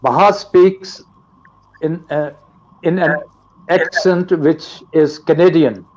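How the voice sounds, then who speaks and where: An older man from Pakistan teaching English in a live online session, in a deliberate, lecturing way. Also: a little high, muffled recording, background noise. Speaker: guest teacher.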